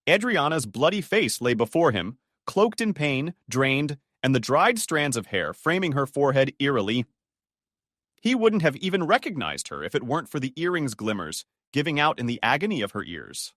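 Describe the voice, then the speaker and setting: A man's voice: a little high, sing-song, normal speed, fairly bright tone, no room sound, studio quality. A man doing scripted dramatic narration in an emphatic manner.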